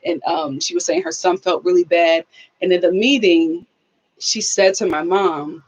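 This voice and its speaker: A woman's voice: on the low side, a little slow, lo-fi sound. A woman hosting a casual live stream, telling stories with animation, acting out quotes and reading viewer comments. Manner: animated storyteller who acts out quotes and laughs often.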